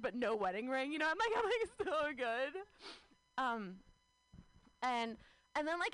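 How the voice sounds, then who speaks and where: A woman's voice: on the high side, a bit bright, no room sound, poor audio. A woman in her thirties telling a rambling, self-mocking stand-up story, full of fillers like "like.". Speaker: stand-up comedian.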